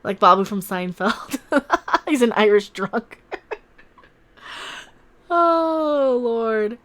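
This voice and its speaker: A woman hosting a casual livestream, commenting in a sarcastic, mocking way, laughing often and swinging between loud outbursts and mutters. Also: mid-range voice, fairly even intonation, a little slow. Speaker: YouTube channel host.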